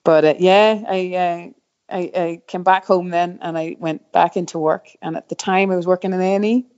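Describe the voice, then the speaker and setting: A woman's voice: on the low side, steady tone, normal speed, a little mellow. A middle-aged woman telling stories from her racing career in a casual interview, rambling with lots of fillers and restarts. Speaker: guest, former downhill mountain bike racer. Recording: slightly dull, muffled recording.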